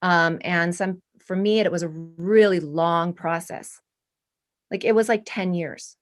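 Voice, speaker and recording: A woman's voice: fairly low pitch, fairly even intonation, a little slow. Earnest rambling woman in her forties. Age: 40s. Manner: rambling, earnest, many restarts. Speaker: guest artist and art professor. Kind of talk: spiritual casual interview.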